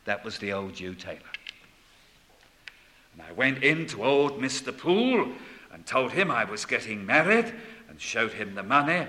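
An older man preaching a sermon, dropping to a hush and then rising to loud proclamation. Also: medium pitch, very animated, normal speed. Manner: swings between hushed and loud proclaiming.

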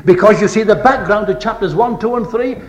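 Delivering a sermon a little fast, a preacher recites scripture and stresses the last word of each line. He poses rhetorical questions to his congregation and moves from booming declamation to quiet, low-voiced passages, all echoing around a large hall.

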